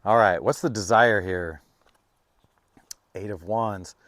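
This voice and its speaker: A man giving a casual, rambling tarot reading, full of fillers and restarts, now and then breaking into high, playful bursts. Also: slow pace, a bit bright, dry recording, studio quality. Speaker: tarot reader.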